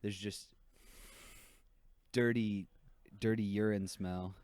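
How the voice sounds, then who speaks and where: A fairly low-voiced man in a casual podcast chat, joking and sarcastic, laughing often between remarks. The sound is close and dry, recorded in a room at home. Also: steady tone, slow, a little mellow, no room sound. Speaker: podcast co-host.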